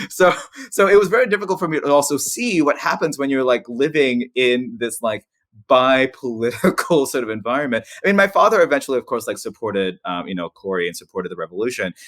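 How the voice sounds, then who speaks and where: A man in his forties from the Philippines, a podcast guest telling personal stories in a lively, restart-filled way with frequent laughs. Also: medium pitch, a little fast, no echo. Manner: animated, laughs often, many restarts. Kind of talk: casual storytelling interview.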